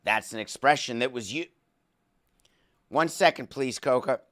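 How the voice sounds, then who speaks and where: A man's voice: mid-range voice, a little slow, fairly bright tone. A man who hosts a sports podcast, delivering a sarcastic monologue full of comic asides.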